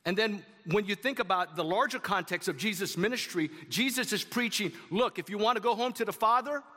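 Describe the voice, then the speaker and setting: A man's voice: high-pitched, fairly quick, sharp tone, long reverb tail. A man preaching a sermon to his congregation in a conversational way, with asides to the audience. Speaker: pastor. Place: church sanctuary.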